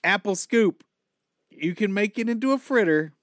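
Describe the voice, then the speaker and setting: A man trading puns on a comedy podcast in a slightly raised voice, playful and fast with wordplay. The sound is dry and close to the mic. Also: high voice, animated, fairly bright tone, no room sound. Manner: quick punning wordplay. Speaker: podcast co-host. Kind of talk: joking podcast banter.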